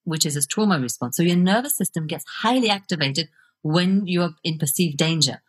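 A middle-aged woman talks as a guest on a podcast, her voice low and slightly husky. She speaks in an earnest, reflective way about her work as a coach. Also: expressive, a little fast. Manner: reflective, earnest, laughs easily. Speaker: guest, video coach and author. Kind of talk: podcast interview.

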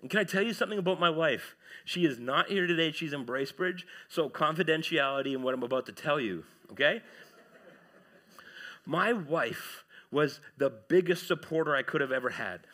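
A man, preaching a sermon in church, animated and swinging between loud and hushed. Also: fairly high pitch, moderate pace. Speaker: pastor.

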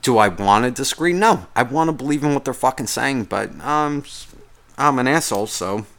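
A man's voice: mid-range voice, expressive, moderate pace, a bit bright. Guy ranting on his podcast, swears a ton, rambles and complains, casual talk. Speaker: podcast host.

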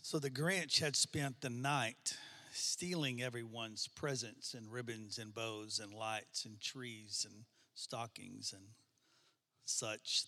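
Brief: male speaker at a service, deliberate and slow, crisp bright tone, echoing hall. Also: mid-range voice. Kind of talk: address to an audience. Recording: long hall reverb.

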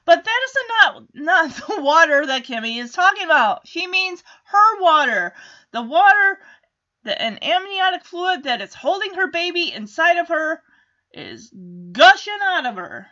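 Bright, high, lively woman recapping a show. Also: measured pace, dull audio. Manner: chatty, acts out characters' lines. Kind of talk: casual episode recap.

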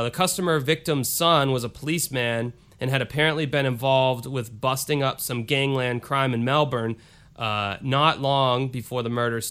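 A man's voice: mid-range voice, a bit bright, smooth. A male podcast host reading listener emails aloud in a loose, casual way, swearing and breaking off into asides. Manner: loose and profane, with restarts and asides.

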